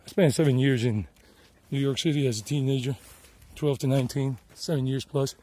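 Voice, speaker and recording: Here a South Carolina travel vlogger and English teacher, middle-aged with a Southern accent, talks his way up a mountain trail on a handheld phone, sweating from the climb. His mid-range voice is dark and fairly even, moving a little fast. The narration is casual, chatty, meandering, and repetitive.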